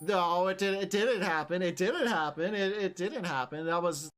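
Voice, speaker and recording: A woman's voice: fairly low pitch, normal speed, soft background music. A woman streamer chatting casually while she games. She swears freely, repeats herself and laughs a lot. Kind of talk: casual live-stream chat while gaming.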